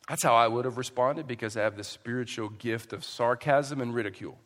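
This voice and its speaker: A male pastor preaching a sermon with emphasis, swinging between loud and hushed delivery. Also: mid-range voice, fairly quick, hardly any pauses, long reverb tail.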